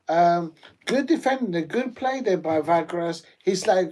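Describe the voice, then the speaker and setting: A man hosting a live football watch-along, chatty and rambling with many fillers and sudden bursts of excitement. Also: on the high side, measured pace.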